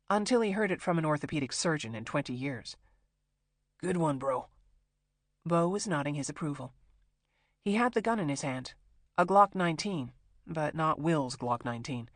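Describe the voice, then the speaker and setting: An audiobook narrator telling a crime thriller in a steady, tense manner. The voice sits mid-pitch and the read is completely dry and close. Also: no echo. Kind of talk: scripted narration.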